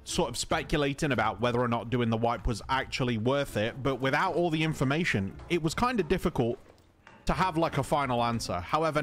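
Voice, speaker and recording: A man from England with an English accent, calmly talking through a video game in casual commentary, polite and chatty. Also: medium pitch. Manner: calm, conversational, polite even when insulted. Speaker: gaming video host.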